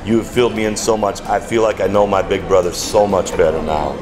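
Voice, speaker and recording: An actor playing a smooth-talking Southern gentleman in a radio soap, with a Southern accent and a flowery, flattering way of talking. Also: sits low, a little fast, close to an everyday voice. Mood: charming.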